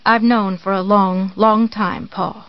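A reader voicing a pious, menacing middle-aged woman who speaks slowly and sweetly, in a dull, dry audiobook recording. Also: mid-range voice, little pitch movement, smooth, no echo. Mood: calm, pious.

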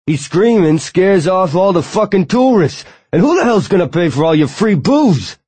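A man voicing a gruff older male bouncer, a former heavyweight boxer, coarse and contemptuous. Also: low-pitched, moderate pace, dark tone, no room sound. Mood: angry.

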